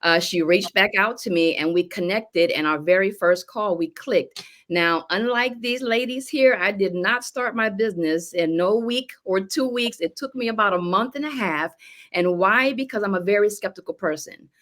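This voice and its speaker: A middle-aged woman giving a slow, emotional personal testimony on a panel. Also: mid-range voice, a bit bright. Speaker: business testimonial speaker.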